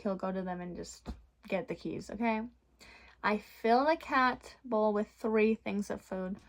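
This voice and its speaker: A young woman vlogger telling a storytime rant in a blunt, profane, animated way. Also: medium pitch.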